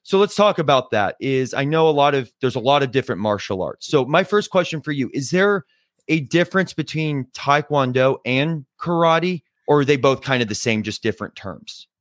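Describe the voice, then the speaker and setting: A young man hosts a casual podcast interview with an upbeat, friendly manner. His voice sits at a middle pitch and sounds close and dry, with no room around it. He fills his questions with easygoing asides. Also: animated, moderate pace, dry recording. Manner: friendly, upbeat, many fillers like "you know" and "right". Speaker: podcast host.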